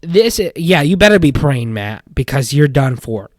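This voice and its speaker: Animated young man ranting into a dry mic. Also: on the high side, normal speed, no room sound. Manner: animated, swings from loud indignation to muttering. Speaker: podcast host. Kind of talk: casual commentary on paranormal drama.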